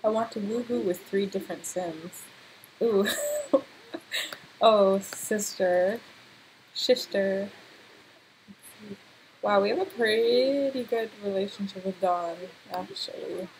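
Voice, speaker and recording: A young woman giving casual, excitable let's-play commentary, full of gasps and laughter. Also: mid-range voice, unhurried, slight background noise, rough recording. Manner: excitable, laughing, exclamatory reactions. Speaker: gameplay commentator.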